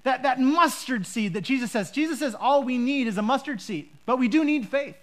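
Chatty, high-voiced woman preacher. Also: a little fast. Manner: lively, chatty, with repeated restarts and rhetorical questions. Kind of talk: conversational Bible teaching.

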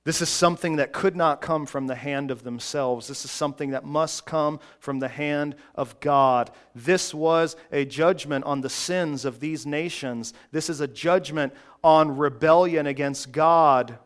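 A man preaching a sermon, slow and emphatic, with dramatic pauses. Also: fairly high pitch. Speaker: pastor.

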